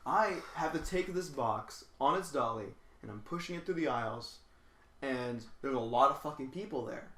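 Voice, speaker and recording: A man's voice: mid-range voice, a bit bright, slight background noise. A man hosting a late-night podcast, telling stories casually with lots of swearing and stammering restarts. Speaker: podcast host. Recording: echoey room.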